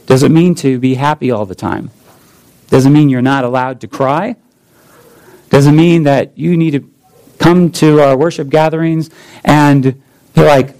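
A man in his thirties preaching a sermon as pastor, deliberate, with repeated phrases and rhetorical questions. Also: fairly high pitch, a little mellow, rough recording.

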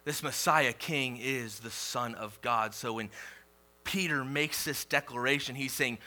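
A male pastor preaching a sermon, reading scripture slowly and swelling loud on key declarations before dropping quiet. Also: mid-range voice. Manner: reads scripture slowly and deliberately.

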